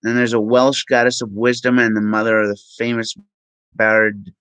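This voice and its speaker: A man vlogging and reading aloud from the screen, halting with ums and self-corrections. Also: on the low side, flat delivery, a bit bright, smooth, no room sound, low-quality recording. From Minnesota. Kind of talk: reading aloud from web pages.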